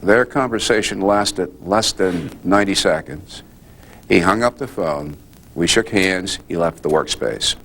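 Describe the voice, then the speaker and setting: Deep-voiced older man, measured delivery. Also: lively intonation, a bit bright, husky. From United States. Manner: measured, deliberate, with pauses and restarts. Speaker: guest speaker, journalist. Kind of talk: storytelling answer at a press club Q&A.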